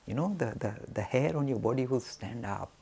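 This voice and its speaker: A man telling a spiritual story as a lecture. He talks in an animated way, waving his arms, and asks himself questions that he then answers. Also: mid-range voice, fairly quick, gravelly, slightly rough. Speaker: spiritual teacher.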